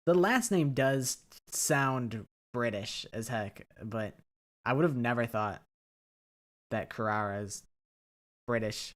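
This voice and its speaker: A man's voice: mid-range voice, slow, fairly bright tone. A man streaming a game, reading the dialogue aloud and chatting casually, swearing now and then.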